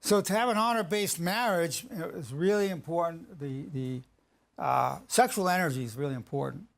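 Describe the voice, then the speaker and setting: A man lectures on marriage in a gravelly, slightly high voice. He hammers his key phrases with slow repetition and often restarts his sentences partway through. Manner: emphatic, repeats key phrases slowly; halting restarts mid-sentence.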